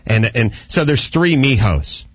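A man's voice: medium pitch, expressive, measured pace, husky, no echo. Theatrical male radio host. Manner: theatrical storyteller, acting out scenes loudly. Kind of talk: comedy radio talk.

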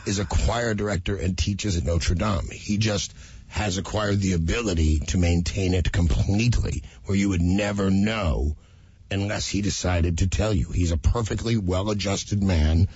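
A man co-hosting a radio talk show, telling stories in a lively, animated way. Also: sits low, normal speed, slightly rough, no echo. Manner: animated storyteller, acts out quotes. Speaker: radio co-host. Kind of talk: casual radio banter and storytelling. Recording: dull lo-fi radio broadcast audio.

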